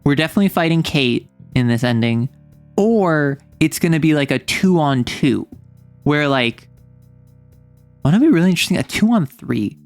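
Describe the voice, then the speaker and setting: A woman's voice: low-pitched, expressive, moderate pace, darkish tone, dry recording, soft background music. Playful young woman streamer, mock-outraged. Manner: playful, mock-indignant joking with chat. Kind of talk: casual game stream chat.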